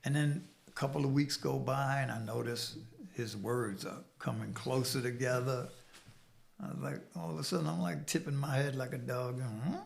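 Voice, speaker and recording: A gravelly man in his sixties from New York City, speaking in a blunt, profane, streetwise way. His voice sits at an average pitch with a rough, fry-edged texture. He is a guest telling his own recovery story. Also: normal speed, slight background noise.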